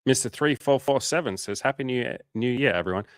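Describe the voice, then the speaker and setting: A man's voice: mid-range voice, expressive, fairly quick, no room sound, studio quality. A man hosting a coaching livestream in casual chat. He reads out viewer comments and answers them with blunt, profane, frank advice.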